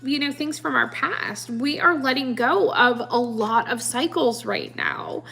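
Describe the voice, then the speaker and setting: Lively, gravelly tarot-reader woman. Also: high-pitched, unhurried, faint music behind. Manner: chatty, laughs often, playful voices for the audience; calls the audience kids, honey, guys. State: sniffly. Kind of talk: live tarot reading chat.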